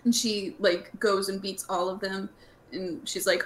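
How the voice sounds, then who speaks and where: A young woman hosting a casual podcast, talking in an animated, chatty way with lots of fillers. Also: mid-range voice, unhurried, a little hiss or hum. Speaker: podcast host.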